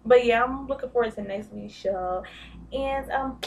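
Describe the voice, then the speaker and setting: A woman's voice: a little high, moderate pace, recorded from a distance, slight background noise. A young woman vlogging a casual, gossipy recap of a reality show, blunt and profane.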